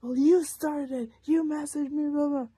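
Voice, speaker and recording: A man's voice: high voice, steady tone, normal speed, creaky, mellow, no room sound. A young man mimicking his ex, a young woman, in a raised, sneering, sing-song voice. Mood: taunting. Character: mocking, whiny young woman, a scornful ex.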